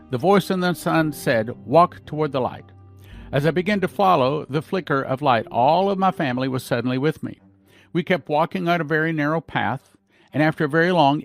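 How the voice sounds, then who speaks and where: A man hosting a podcast, reading dreams and visions aloud and breaking off with his own asides. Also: mid-range voice. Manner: reads accounts, breaking off with asides. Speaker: podcast host. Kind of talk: reading prophecies aloud with commentary.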